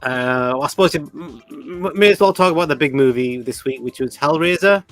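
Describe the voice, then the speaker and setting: A man's voice: on the high side, a little fast, fairly bright tone, soft background music. A man, co-hosting a casual chat, effusive and thankful, calling his friend man and mate. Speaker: podcast co-host.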